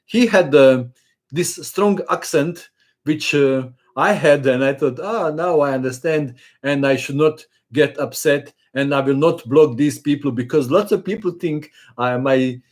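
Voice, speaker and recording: A man's voice: fairly high pitch, measured pace. A man, a chess channel host chatting casually in a live-stream question and answer session, hesitant with many fillers.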